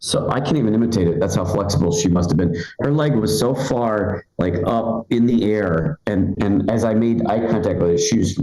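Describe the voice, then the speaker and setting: Forties guy doing standup, low mellow voice, kinda rambly, echoey club. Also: normal speed, few pauses. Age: 40s. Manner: chatty, rambling, loose with fillers and restarts. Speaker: stand-up comedian. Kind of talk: live stand-up set. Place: comedy club stage.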